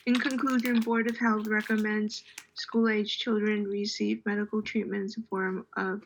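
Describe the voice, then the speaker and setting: A woman on a health board discussing wording in a meeting, talking in halting starts and restarts. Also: medium pitch, little pitch movement, vocal fry, rough recording.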